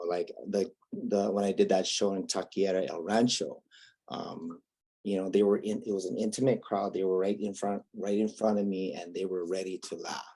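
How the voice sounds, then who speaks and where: Low, husky Hawaiian-accented man. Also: steady tone, moderate pace, warm tone. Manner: laid-back, wry and self-mocking. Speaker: guest comedian. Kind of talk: casual interview chat.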